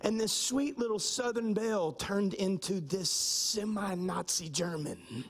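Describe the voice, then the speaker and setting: A middle-aged man preaching a sermon as pastor, emphatic and slowing down to stress key points. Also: high-pitched.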